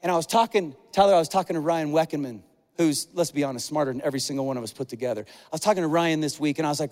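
A pastor preaching a conversational, animated sermon, acting out the voices he quotes. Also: fairly high pitch, rapid-fire, long reverb tail.

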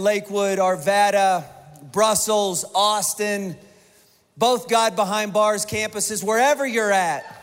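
A man's voice: sits high, a bit bright. A man preaching a sermon to his church, talking conversationally and joking with the congregation. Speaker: pastor. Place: large church auditorium. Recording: reverberant church hall with congregation and music.

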